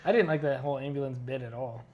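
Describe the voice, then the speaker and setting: A man's voice: medium pitch, fast talker, dull audio. A man co-hosting a wrestling podcast, chatting casually with wry, opinionated remarks. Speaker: podcast co-host. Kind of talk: casual chat.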